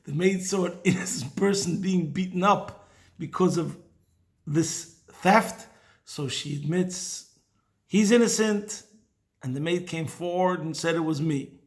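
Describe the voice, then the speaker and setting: A man giving a weekly Torah talk, telling a Chassidic story in a lively way and dropping in Hebrew and Yiddish words. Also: sits high, measured pace. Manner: animated storyteller mixing in Hebrew and Yiddish terms. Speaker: teacher of Chassidic thought.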